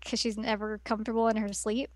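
A woman co-hosting a podcast in casual chat, playful and quick to laugh. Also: fairly high pitch, little pitch movement, no room sound. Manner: giggly, laughs often, playful. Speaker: podcast co-host.

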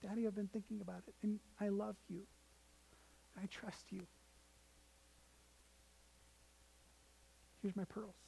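A man's voice: high-pitched, expressive, normal speed, mellow, slight background noise, rough recording. A man voicing a little girl who clings to her toy pearl necklace, stubborn and tearful. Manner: stubborn, then tearful pleading.

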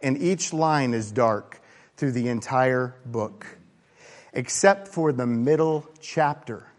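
A man preaching a sermon in a conversational, animated way, moving between hushed asides and excited bursts. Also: mid-range voice, slow. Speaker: pastor. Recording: long reverb of a large hall.

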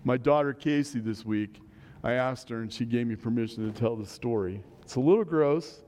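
A middle-aged pastor with a mid-range, darkish voice preaches a sermon at normal speed. He is earnest and conversational, asking many rhetorical questions, and the church sanctuary gives a long hall reverb.

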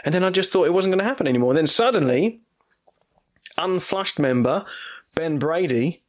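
A man hosts a podcast, his talk chatty and full of self-mocking asides. His voice sits fairly high and swings widely in pitch. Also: expressive, moderate pace. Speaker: podcast host. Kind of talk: casual podcast chat.

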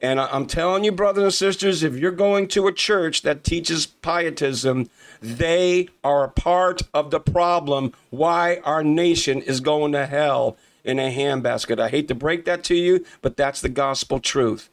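A man's voice: on the high side, measured pace. A man preaching fervently as a podcast host, repeating key phrases and addressing listeners as brothers and sisters. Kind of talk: impassioned preaching.

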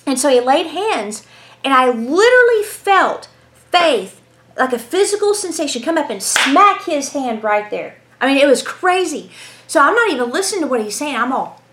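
A woman giving a lively, conversational Bible lesson, telling stories and asking rhetorical questions. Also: high voice, moderate pace, slight background noise. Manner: animated, storytelling, asks rhetorical questions. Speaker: Bible teacher.

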